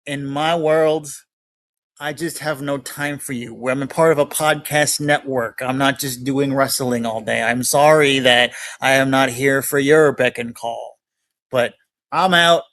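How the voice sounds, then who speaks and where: A man delivering a mock wrestling promo at a mid pitch. He rambles with plenty of fillers and brushes his opponent off. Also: steady tone, unhurried, a bit bright. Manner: rambling and dismissive, full of fillers. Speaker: podcaster cutting a promo.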